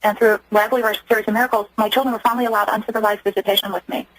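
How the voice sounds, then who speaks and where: A woman's voice: mid-range voice, level tone, rapid-fire, poor audio. A woman from Germany, a guest on a radio interview, telling her story earnestly and acting out what others said. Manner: earnest, acts out quoted speech.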